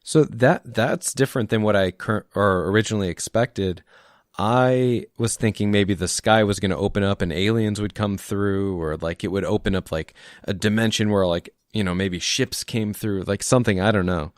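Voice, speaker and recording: A man's voice: lowish voice, moderate pace, no echo, studio quality. A man co-hosting a casual podcast chat, easygoing and agreeable, a little tipsy. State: tipsy from drinking. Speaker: podcast co-host.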